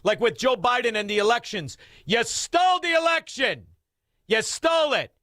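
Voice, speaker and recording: Combative talk radio host, lively high voice. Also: male voice, normal speed, dry recording, studio quality. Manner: combative, sarcastic, ranting.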